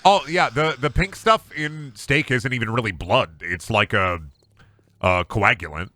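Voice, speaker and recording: A man's voice: mid-range voice, measured pace, sharp tone, no room sound. A man streaming a game, chatting casually and ranting in a joking way with a lot of swearing. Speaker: gaming streamer. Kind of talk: casual live-stream chat.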